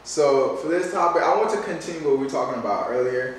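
A man hosting a casual podcast, relaxed and easy to laugh, as he steers the talk into each new segment. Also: on the high side, fast talker, distant mic. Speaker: podcast host. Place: sneaker cleaning shop. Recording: echoey room, off-mic, faint background noise.

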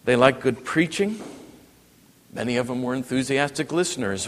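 A man's voice: mid-range voice, expressive, moderate pace. Man preaching in a reverberant hall. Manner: wide swings from hushed to emphatic preaching. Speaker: pastor. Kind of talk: sermon.

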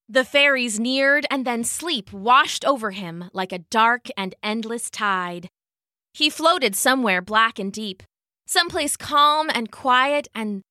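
A woman hosting a story podcast, narrating a children's story in a soft, unhurried, expressive way on a close studio mic. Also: fairly high pitch, no room sound. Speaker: storyteller host.

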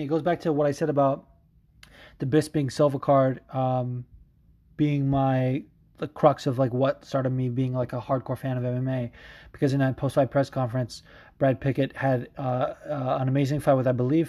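A man in a casual monologue, rambling and excitable, swearing often and restarting sentences with lots of fillers. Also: mid-range voice. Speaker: podcaster talking about mixed martial arts fighters.

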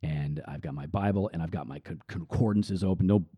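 A man's voice: sits low, a little fast, mellow, husky, no echo. A man, a pastor, speaking earnestly and reflectively in a podcast interview. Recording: dull lo-fi dry sound.

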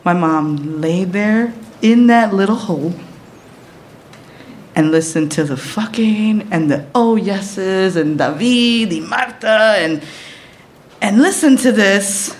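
A woman in her thirties telling a personal story, animated and profane, often laughing as she talks. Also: medium pitch, takes it slowly, a little hiss or hum.

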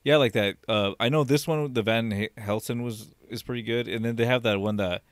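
A man, chatting casually and trailing off in loose, halting phrases. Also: medium pitch, no room sound. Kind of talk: casual chat about TV shows.

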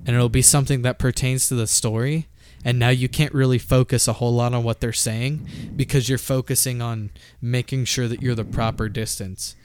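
A man's voice: mid-range voice, flat delivery, a little fast, few pauses, darkish tone, slight background noise. A man chatting casually about video games, swearing freely and laughing often. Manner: profane, ranting, laughs often. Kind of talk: casual gaming chat.

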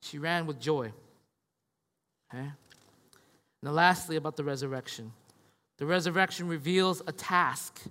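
A man in his thirties, a pastor preaching a conversational sermon, often asking "right?" and moving between hushed and loud passages. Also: fairly high pitch, a little slow, long pauses, in a large hall. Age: 30s. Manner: conversational, tag questions, swings from hushed to loud.

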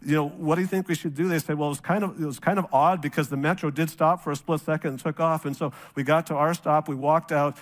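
Man, pastor, middle-aged, from North Dakota, high voice, animated storytelling sermon. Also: quick pace, few pauses.

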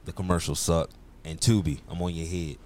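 A man co-hosting a casual sports podcast, joking and animated, rising high when worked up. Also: brisk, a crowd in the background. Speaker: podcast co-host.

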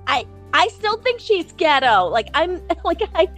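A woman's voice: very high-pitched, measured pace, faint music behind. Blunt New woman podcaster. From New York City. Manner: blunt, animated, swears freely, many fillers and restarts. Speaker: podcast co-host. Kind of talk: casual chat.

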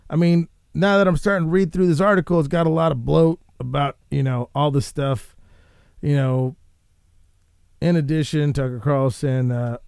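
A man's voice: a little high, clear, resonant tone, no echo. Ranting man with a dry close voice. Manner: animated, swearing, rambling with restarts. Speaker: podcast host. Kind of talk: ranting casual commentary.

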